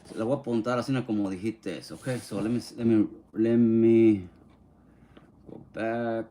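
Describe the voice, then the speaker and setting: A man's voice: fairly low pitch, steady tone, warm tone, a little hiss or hum. A man chatting casually on a livestream, reading viewer comments and mixing English and Spanish slang. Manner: easygoing, mixes English and Spanish slang, sounds out names slowly.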